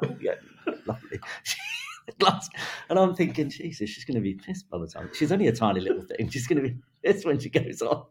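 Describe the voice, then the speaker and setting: A man with a middle-range voice tells a story in an interview. He is lively and laughs between phrases. He acts out what other people said. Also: medium pitch. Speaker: hairdressing creative director. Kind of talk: telling an anecdote in an interview.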